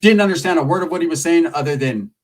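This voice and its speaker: A man's voice: fairly high pitch, quick pace, far from the mic. A man telling a long comic story in casual, streetwise, profane talk.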